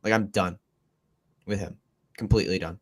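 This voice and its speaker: A man co-hosting a live fantasy football chat, talking in an animated, emphatic way and often repeating himself. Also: sits low, moderate pace, husky. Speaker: podcast co-host.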